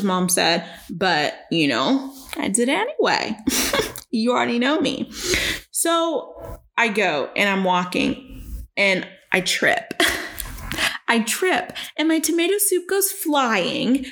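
Profane, animated young woman podcaster. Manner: animated, jumps into high-pitched voices when acting out scenes; profane, self-mocking. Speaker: podcast host. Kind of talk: casual solo podcast storytelling.

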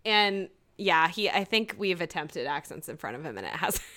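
A woman's voice: lowish voice, sing-song, normal speed, pushed and bright. A woman co-hosting a casual chat, retelling TV scenes with quoted lines and frequent laughter. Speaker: podcast co-host recapping a TV episode.

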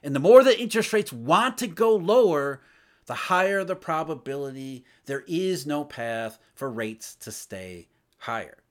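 Guy doing a solo market rundown, kinda high voice, really animated delivery, punchy emphasis. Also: measured pace. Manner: emphatic, rhetorical questions, lively swings in pitch and loudness. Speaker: financial commentator.

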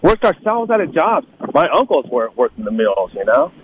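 A man's voice: moderate pace, highs cut off, slight background noise. Middle-aged man telling stories, acting out voices. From Northern California. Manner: animated, acts out quoted voices in a higher pitch. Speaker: guest telling life stories. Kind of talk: casual storytelling.

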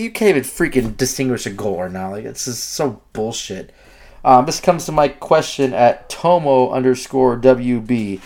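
Excitable swearing podcast co-host, male. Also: medium pitch, moderate pace, vocal fry. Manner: excitable, profane, rambling with many restarts. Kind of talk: heated sports talk.

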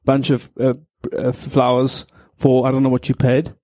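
A man's voice: medium pitch, completely flat delivery, normal speed, mellow, no echo. Rambling, playful man. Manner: rambling storyteller, playful, laughs often. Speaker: radio co-host. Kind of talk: casual on-air banter.

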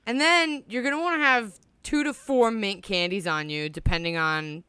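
Chatty podcast co-host, a woman; bright crisp voice, dry close mic, laughs easily. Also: medium pitch, normal speed, dry recording. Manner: giggly, swearing, rambling. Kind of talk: casual chat.

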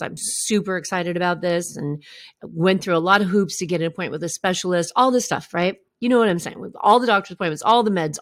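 A woman's voice: fairly low pitch, no echo, clean studio sound. A middle-aged woman hosting a podcast, telling a personal story in a candid, conversational way and often checking in with "right?". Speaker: podcast host.

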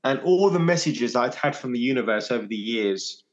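A man in his forties telling a personal story as a podcast guest, reflective and halting, often repeating his phrases. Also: mid-range voice, animated, lo-fi sound. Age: 40s.

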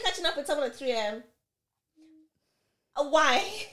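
Animated woman podcast co-host telling a story. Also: high voice, normal speed, pauses often. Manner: animated storytelling, acting out both sides of an argument. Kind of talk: casual podcast chat.

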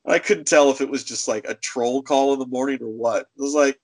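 A man telling a story in casual chat, animated and slipping into acted quotes. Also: mid-range voice, brisk, rough recording.

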